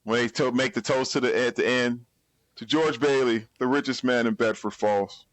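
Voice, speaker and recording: A man's voice: medium pitch, moderate pace, dry recording. A man co-hosting a podcast, enthusiastically chatting about a movie and tripping over his words. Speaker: podcast co-host. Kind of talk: casual movie chat.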